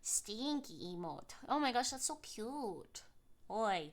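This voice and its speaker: A woman's voice: high-pitched, sing-song, moderate pace. A woman streamer chatting casually on a live stream, bubbly and giggly, cooing baby talk at her cats.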